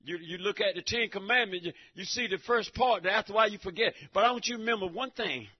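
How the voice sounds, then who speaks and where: A high, husky male voice preaching hard, with bursts of shouting that fall back into low, half-laughed muttering. The recording is dull and lo-fi. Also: fast. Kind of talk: fiery sermon.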